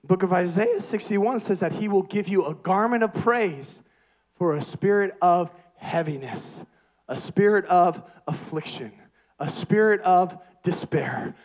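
A man preaching a sermon with energetic, emphatic repetition. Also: sits high, a little slow.

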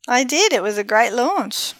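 A woman's voice: fairly high pitch, big pitch swings, moderate pace, no echo. A woman co-hosting a podcast, chatting casually in a musing way. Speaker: podcast co-host. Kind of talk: casual chat.

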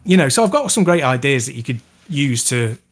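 A man co-hosting a gaming podcast, easygoing and quick to laugh in casual chat. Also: medium pitch, big pitch swings. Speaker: podcast co-host.

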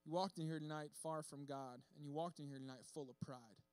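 A man delivers a sermon in a relaxed, conversational way, bouncing into acted-out voices for the people in the story. His voice sits high for a man, and the sound is dry and close with little room echo. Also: fairly quick, clean tone. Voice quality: bearded speaker. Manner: casual, animated storytelling with acted-out quotes. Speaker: preacher.

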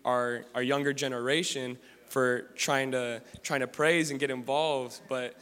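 A man's voice: mid-range voice, steady tone, a little slow, fairly bright tone. A man preaching a sermon, reading scripture aloud and then commenting on it in casual, slangy talk with frequent restarts. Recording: long hall reverb.

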